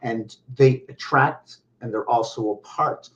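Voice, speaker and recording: A man vlogging from home, talking in a meandering monologue full of pauses and restarts. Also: mid-range voice, fairly bright tone. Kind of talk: rambling monologue to camera. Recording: dull lo-fi recording.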